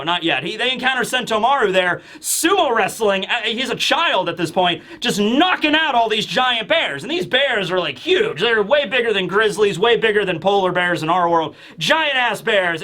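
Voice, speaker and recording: A man's voice: sits high, bright, forceful tone. A man hosting a casual comic review, talking in a rambling, enthusiastic way with lots of fillers. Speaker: manga review host. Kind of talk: casual commentary.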